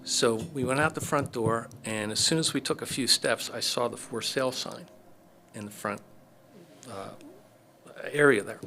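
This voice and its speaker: A middle-aged chiropractor guesting on a podcast tells his story in a casual interview, acting out the dialogue of people he quotes. His mid-range voice is creaky and sharp at a moderate pace, with a slight hiss or hum in the audio.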